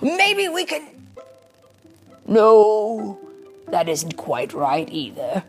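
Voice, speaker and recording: A woman voicing a fretful, clever old male frog in a storybook read-aloud, talking slowly and musingly. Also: mid-range voice, wildly swooping pitch, over music, heavily acted. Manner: slow, musing and drawn out.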